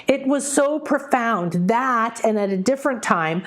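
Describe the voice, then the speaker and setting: A middle-aged woman hosting a live spiritual guidance session, talking casually to viewers and swinging between quick excited bursts and slow soft stretches. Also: a little high.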